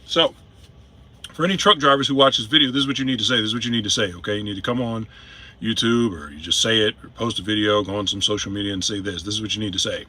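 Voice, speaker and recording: Deep-voiced, emphatic truck driver vlogging. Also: male voice, fast talker, bright, forceful tone. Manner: repetitive, emphatic, addresses viewers directly. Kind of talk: casual to-camera monologue. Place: in a vehicle.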